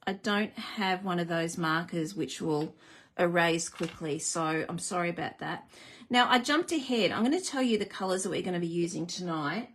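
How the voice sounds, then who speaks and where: A woman's voice: on the low side, animated, normal speed, fairly bright tone, a little hiss or hum. A woman hosting a live card-making demonstration, chatty and self-deprecating, greeting viewers as she works. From Australia.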